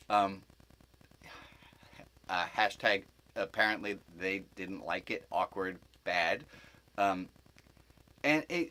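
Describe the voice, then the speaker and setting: A man's voice: mid-range voice, fairly bright tone, poor audio. A man who is a rabbi, giving an informal spiritual teaching to a group as a rambling storyteller who corrects himself with asides.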